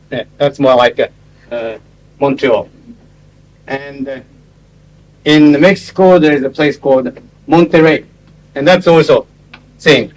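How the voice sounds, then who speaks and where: A man's voice: fairly high pitch, a little hiss or hum, low-quality recording. Man lecturing. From Japan. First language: Japanese. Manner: explanatory, halting, with frequent pauses and asides. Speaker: lecturer on interpreting. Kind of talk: classroom lecture with visual aids.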